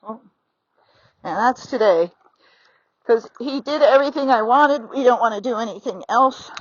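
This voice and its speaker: A woman's voice: fairly high pitch, moderate pace, no room sound. Chatty woman teaching from horseback. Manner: chatty and encouraging, acts out horse and rider thoughts. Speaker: horse riding instructor. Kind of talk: instructional riding lesson, talking while riding. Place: outdoors on horseback. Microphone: phone mounted on the rider. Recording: slightly dull lo-fi sound.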